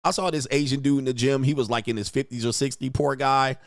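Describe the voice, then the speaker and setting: The livestream host speaks at a quick pace in a steady, mid-range tone, ranting crudely and rambling casually while constantly saying "all right" between points. The recording is studio quality with no echo.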